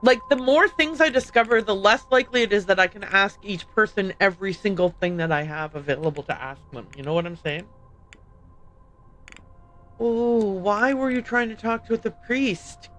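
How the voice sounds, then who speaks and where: A woman streaming a game, chatting in an excitable, jokey, self-deprecating way with quick tangents. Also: mid-range voice, rough recording. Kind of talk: livestream gameplay commentary.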